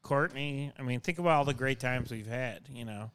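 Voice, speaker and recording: A man's voice: medium pitch, normal speed, fairly bright tone, clear, resonant tone, no room sound. A man co-hosting a podcast, chiming in with short, wry asides in casual chat. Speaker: podcast co-host.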